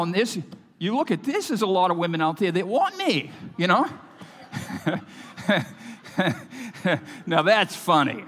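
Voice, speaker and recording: Man, pastor, high voice, emphatic sermon, long hall reverb. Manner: emphatic preaching, swinging from loud to hushed.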